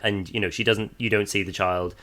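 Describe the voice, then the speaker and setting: A man's voice: fairly low pitch, steady tone, a little fast, sharp tone. An Irish man co-hosting a podcast, chatting loosely about a film, laughing often and restarting his sentences. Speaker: podcast co-host. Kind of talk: casual film discussion.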